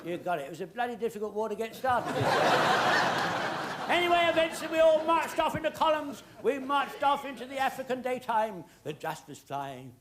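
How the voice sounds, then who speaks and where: A man telling a comic story on stage, shouting officers' orders and getting the audience to shout call-backs. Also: extremely high pitch, lively intonation, moderate pace, heavy background noise. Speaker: music hall comedian. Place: theatre stage before a live audience. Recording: music hall stage with audience.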